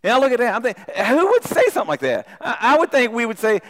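Guy giving an animated sermon, fairly high voice, long hall echo. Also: fast, hardly any pauses. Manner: animated, acts out voices of people in the story; repeats words when starting sentences. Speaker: pastor.

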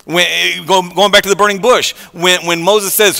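A pastor preaching a conversational sermon, repeating words and swinging between soft and loud passages. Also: male voice, high voice, fairly even intonation, normal speed, creaky, in a large hall.

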